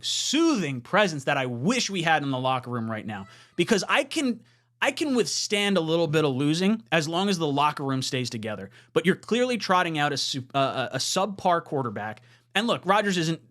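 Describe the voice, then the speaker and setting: A man in his thirties giving casual fan commentary as a podcast host, frustrated, swinging between low mutters and loud outbursts. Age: 30s.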